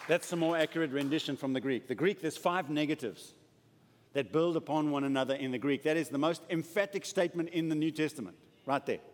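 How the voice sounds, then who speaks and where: A man preaching a sermon and praying aloud, moving from loud declarations to hushed, intimate lines. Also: a little high, a little fast, a little hiss or hum. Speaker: pastor. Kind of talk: sermon with prayer. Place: church. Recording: church hall with long reverb.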